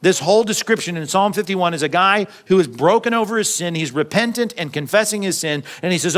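A man's voice: on the high side, very animated, fairly quick, fairly bright tone. Conversational preacher man. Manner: conversational preaching, dramatizes quotes, jokey asides. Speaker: pastor. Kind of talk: sermon.

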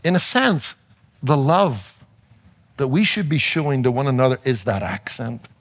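A man's voice: mid-range voice, normal speed, fairly bright tone. A man preaching a sermon with a noticeable accent that is not local to his listeners, emphatic and playful, with rhetorical questions. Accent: non-native to his audience, noticeable. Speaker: pastor and radio preacher.

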